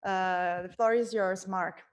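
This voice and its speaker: A woman's voice: mid-range voice, fairly even intonation, slow. A woman chairing an online conference, introducing speakers with many hesitant fillers. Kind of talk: moderating a conference.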